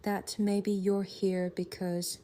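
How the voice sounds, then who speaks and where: A man voicing a calm, menacing, manipulative woman in an audiobook, in a soft, breathy half-whisper with a slow, taunting manner. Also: sits high, pitched above the performer's own voice. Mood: coolly menacing. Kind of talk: audiobook character voice.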